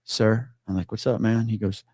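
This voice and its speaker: A man's voice: lowish voice, fairly even intonation, normal speed, warm tone, breathy edge, dry recording, studio quality. Casual man spinning a gritty story. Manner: swears freely, acts out quoted voices. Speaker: guest telling a story.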